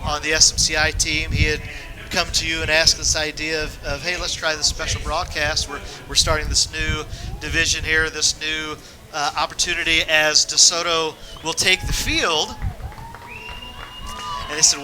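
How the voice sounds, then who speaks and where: A man's voice: on the high side, little pitch movement, rough recording. A man giving chatty, joking play-by-play commentary of a youth baseball game from a press box. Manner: chatty, jokey, quick with restarts. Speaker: play-by-play announcer. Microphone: press box mic.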